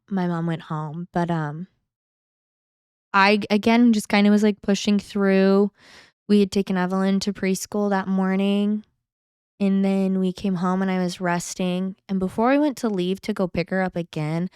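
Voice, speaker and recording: A woman's voice: lowish voice, darkish tone, clear, resonant tone, no echo, clean studio sound. A woman in her thirties, a podcast guest, telling a personal story casually, acting out other people's lines and laughing often.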